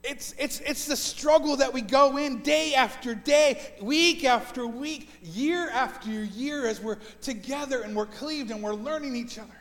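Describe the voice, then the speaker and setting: High-voiced preacher in his forties, echoing church. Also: measured pace, hardly any pauses. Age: 40s. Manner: earnest, repeats words when building a point. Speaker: pastor. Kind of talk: sermon. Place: church sanctuary. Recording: long church reverb.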